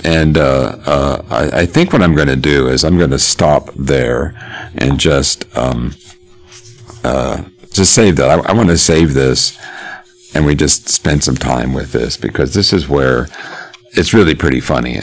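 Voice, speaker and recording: A man giving a casual literature lecture in a chatty, halting way, with frequent chuckles. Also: extremely low pitch. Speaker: literature teacher.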